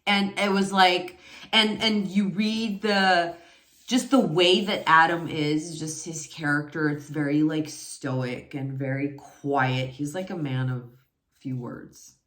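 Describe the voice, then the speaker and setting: A woman's voice: sits low, fairly even intonation, takes it slowly, fairly bright tone. A woman in her forties chatting casually about romance novels, rambling with many fillers and self-corrections. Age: 40s. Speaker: book reviewer. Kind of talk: casual book review chat. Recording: echoey room.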